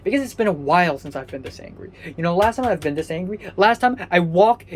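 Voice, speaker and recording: A young vlogger from Hong Kong fires off a quick, profane rant, angry and sleepy, swearing constantly and starting his sentences over as he rambles. His high-pitched, slightly mellow voice has lively intonation, and there is slight background noise.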